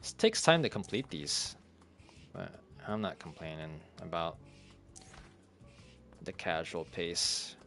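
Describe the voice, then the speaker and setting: A low-voiced man streaming a cozy renovation game, speaking slowly and easily. He chats with his viewers and chuckles as he goes. Soft game music plays underneath. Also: sing-song, gravelly. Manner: laid-back, chuckles often, talks to chat. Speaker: gaming streamer. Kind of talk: relaxed gameplay commentary, reading chat. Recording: faint game music behind.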